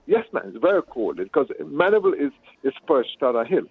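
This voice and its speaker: A man's voice: on the high side, sing-song, a little fast, husky, dry recording. A man from Jamaica with a Jamaican accent, a consumer radio presenter chatting casually as a phone guest, explaining patiently and laughing easily. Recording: dry, tinny phone line.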